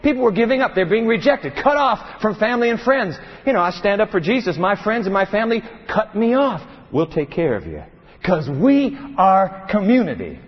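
A man preaching a sermon to a church congregation, talking in an animated, conversational way with dramatic pauses. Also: high-pitched, long reverb tail, lo-fi sound. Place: large church.

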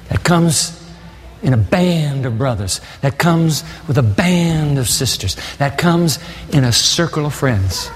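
A man preaching a sermon as pastor, energetic and exhorting, his voice climbing to excited peaks. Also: fairly high pitch, slow, faint music behind. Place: large church sanctuary. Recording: long reverb of a large hall.

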